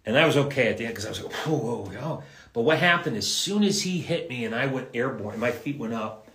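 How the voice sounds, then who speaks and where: A man's voice: mid-range voice, expressive, fairly bright tone. Rambling man telling stories, roomy sound. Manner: rambling, halting, repeats words and restarts. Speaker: voice actor guest at an autograph livestream. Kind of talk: casual live Q&A storytelling. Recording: roomy echo.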